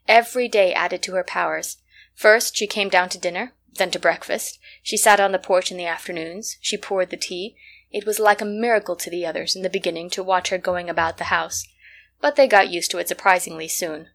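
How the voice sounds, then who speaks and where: A woman reads a classic children's novel aloud. She keeps a measured, steady storytelling pace with plain, clear delivery. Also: medium pitch. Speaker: reader. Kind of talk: scripted narration of a classic novel.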